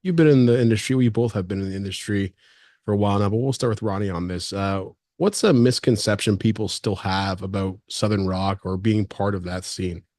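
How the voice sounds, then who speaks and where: A man's voice: on the low side, a little fast, a little mellow, dry recording, clean studio sound. A man hosting a casual podcast interview, asking questions with hesitant fillers. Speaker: podcast host.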